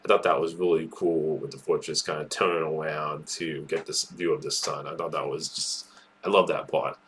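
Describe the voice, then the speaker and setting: A man's voice: very deep voice, level tone, moderate pace, a bit bright, a little hiss or hum. A man giving casual solo commentary as a movie news host, enthusiastic and rambling, with many restarts.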